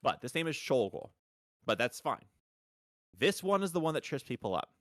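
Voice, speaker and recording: A stream co-host explains pronunciation patiently like a teacher, repeating points emphatically during casual chat on a live stream. His mid-range voice swings widely in pitch at normal speed, sounding a bit bright in a clean, echo-free studio recording.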